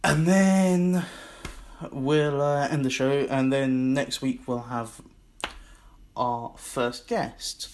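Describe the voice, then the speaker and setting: A man's voice: medium pitch, fairly even intonation, drawn-out words, darkish tone, slight background noise. A man with a Scottish accent hosting his own podcast, rambling and self-mocking in a casual solo monologue. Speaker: podcast host.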